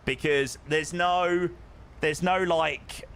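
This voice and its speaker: Lively young man streaming. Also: fairly high pitch, slow pace, slight background noise. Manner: chatty, matey, greets viewers by name. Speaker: flight sim streamer. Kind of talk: casual live-stream chat with chat readers.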